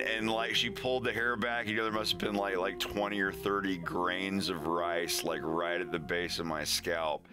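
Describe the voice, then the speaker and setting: Young adult male streamer, casual storyteller, animated delivery. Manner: animated, acts out quoted voices with big high pitch jumps.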